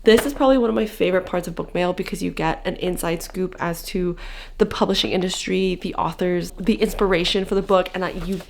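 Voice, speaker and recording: Young woman, twenties, tired, chatty, gravelly voice, casual bedroom vlog. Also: fairly low pitch, fairly quick, slight background noise. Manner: chatty, frequent "like" fillers. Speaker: book vlogger.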